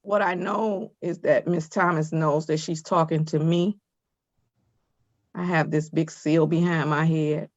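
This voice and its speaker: A woman's voice: low-pitched, steady tone, a little slow, dry recording, muffled recording. A woman judge sternly lecturing from the bench over a video call, firm and scolding.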